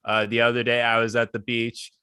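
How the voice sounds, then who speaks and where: Bright, dry-sounding man telling one-liners. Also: medium pitch, monotone, smooth, dry recording. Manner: halting, self-deprecating one-liners with fillers. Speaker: stand-up comedian. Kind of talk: stand-up set.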